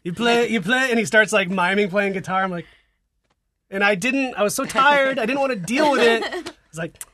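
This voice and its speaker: A man's voice: high voice, fairly quick, pushed and bright, dry recording, clean studio sound. A man hosting a podcast, telling a wry, laid-back travel story in casual chat. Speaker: podcast host.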